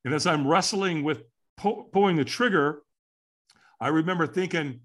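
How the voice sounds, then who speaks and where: A man's voice: a little high, brisk. An older man from California, a guest in an interview, tells his personal story earnestly and candidly and voices his own past thoughts aloud.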